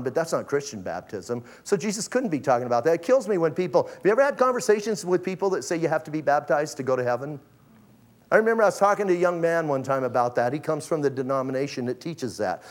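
A pastor preaching a sermon in a casual, conversational way, acting out the people in his stories with slang. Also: a little high. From Arizona.

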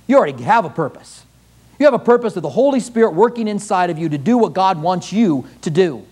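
A man's voice: high voice, expressive, quick pace, a little mellow, husky. A male pastor preaching a fervent sermon in a church, firing pointed rhetorical questions at the congregation.

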